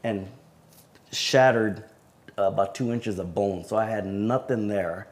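A man being interviewed as a sheriff's deputy guest, telling a personal story in a halting way with many fillers. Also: on the low side. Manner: halting recounting with frequent fillers.

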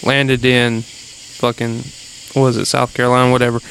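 A man with a thick Louisiana accent, telling a story in casual, animated chat and swearing now and then. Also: medium pitch, moderate pace, vocal fry, a little hiss or hum, poor audio. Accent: Louisiana Southern.

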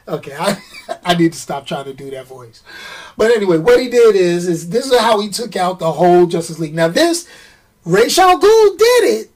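A man's voice: high voice, moderate pace, recorded from a distance. A man chatting casually about comic books on his video channel, rambling and joking. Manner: animated, rambling, jokey. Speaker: comic book YouTuber. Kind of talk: casual chat.

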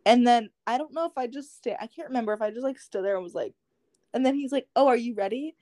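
On a podcast, a young co-host with a fairly high, mellow voice tells a story in quick, casual chat, acting out the dialogue and saying "like" often. The studio sound is clean, with no room sound.

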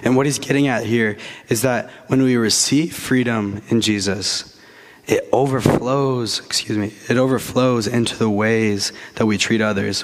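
A pastor preaches earnestly to his congregation, often restarting and slowing down to emphasize key phrases. His voice is on the low side.

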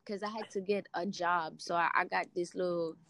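Animated young woman, jamaican accent. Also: fairly low pitch, moderate pace, vocal fry, a little hiss or hum, low-quality recording. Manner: expressive, acts out voices, laughs easily. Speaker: guest sharing a testimony. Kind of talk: animated faith storytelling.

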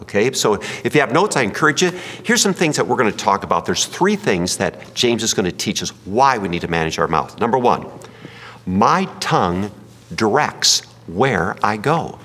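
A male pastor preaches with a husky, lively voice that rises and falls a lot. He jokes, tells little stories and turns to the room with questions. His words carry a long reverb from the hall. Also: lowish voice. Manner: folksy, joking, asks the room questions. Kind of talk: sermon with jokes and audience questions.

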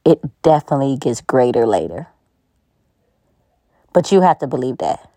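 A woman's voice: rumbling low, sing-song, normal speed, dark tone, no echo. A woman hosting a podcast, giving an encouraging faith-based pep talk in a conversational, preachy way with frequent laughs. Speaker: podcast host.

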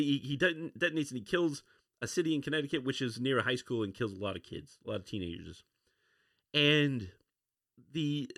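A man in a casual podcast chat, rambling and restarting his sentences often. His voice sits at an ordinary middle pitch and is recorded close and dry, with no room sound. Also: fairly bright tone, no echo. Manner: rambling, many restarts and fillers. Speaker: podcast host. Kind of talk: casual comic book review.

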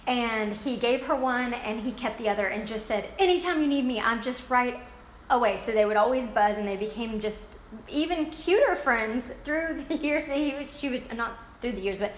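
A woman's voice: fairly high pitch, normal speed. A woman retelling a book's story in a casual, gushing, enthusiastic way. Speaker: book recap speaker. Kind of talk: casual book recap. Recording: roomy echo, faint ambient noise.

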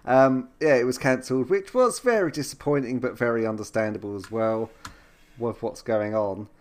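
A man's voice: mid-range voice, normal speed. A man co-hosting a podcast in casual chat, hesitant and stumbling over his words. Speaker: podcast co-host.

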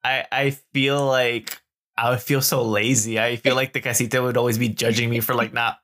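Bright-voiced chatty male podcast host. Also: mid-range voice, little pitch movement, moderate pace. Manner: chatty, laughs easily, many fillers. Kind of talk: casual chat.

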